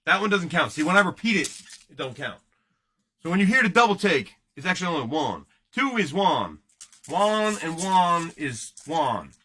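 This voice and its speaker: A man in his thirties hosts a live card break, joking and rambling loosely with his viewers. His voice sits a little high with a bright edge. It swings widely in pitch as he talks. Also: big pitch swings, brisk. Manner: joking, rambling, banters with chat.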